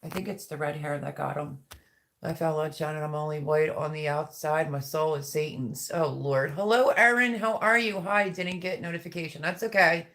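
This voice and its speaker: Speaking at a normal speed, this livestream host has a low, fairly bright voice. She keeps things casual, welcoming viewers by name and chatting while going over what they write.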